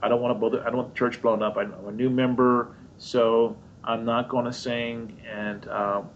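A man preaches through a personal story, acting out each part with sudden high, excited voices. The recording sounds dull and lo-fi, with a faint rumble underneath. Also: moderate pace. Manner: animated storyteller acting out his own voice and others, high squeaky jumps. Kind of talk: sermon storytelling.

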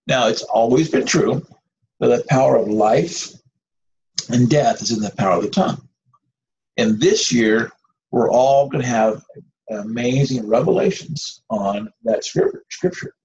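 Male preacher with a gravelly voice, rambling and conversational, on a dull, lo-fi recording with faint hiss. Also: medium pitch, a little slow, a little mellow. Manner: conversational, rambling with restarts and asides. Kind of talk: informal sermon.

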